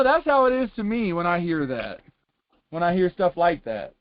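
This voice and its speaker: High-voiced man rambling on a lo-fi call. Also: wildly swooping pitch, normal speed, dry recording. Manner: rambling, colloquial, repeats "it's like". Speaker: class participant. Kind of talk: casual testimony on a call-in Bible class. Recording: dull lo-fi conference call line.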